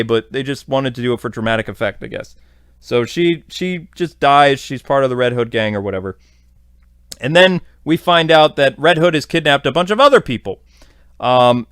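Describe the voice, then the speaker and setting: Podcast host, man, somewhat high voice, rambling casual recap, very dry sound. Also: a bit bright, no echo. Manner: rambling, filler-heavy.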